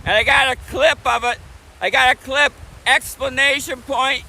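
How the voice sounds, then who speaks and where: Middle-aged guy streaming outside on his phone, super high voice, chatty, repeats stuff, faint traffic and wind behind. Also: fairly even intonation, normal speed, vocal fry, bright, forceful tone, low-quality recording. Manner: chatty, repeats himself, greets and answers chat. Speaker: live streamer. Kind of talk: casual outdoor live stream. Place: outdoors on a beach by a busy bridge. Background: traffic and wind noise.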